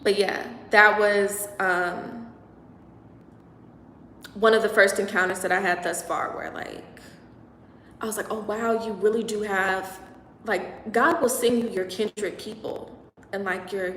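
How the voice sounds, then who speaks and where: A woman's voice: mid-range voice, fairly even intonation, measured pace, fairly bright tone, slight background noise. A young woman hosting a casual livestream, chatting at length and reading out and answering viewers' comments. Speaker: livestream host. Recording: echoey room with long reverb.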